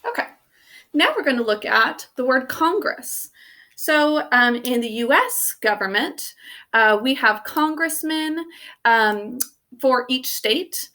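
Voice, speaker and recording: A woman teaching a spelling lesson, sounding out words letter by letter in a slow, patient way. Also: sits high, lively intonation, sharp tone.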